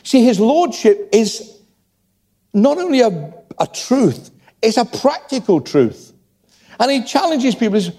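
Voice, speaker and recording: A man's voice: extremely high pitch, big pitch swings, a little slow, dark tone. An older man preaching a sermon and making chatty joking asides to the congregation. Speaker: pastor. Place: church hall. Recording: long church hall reverb.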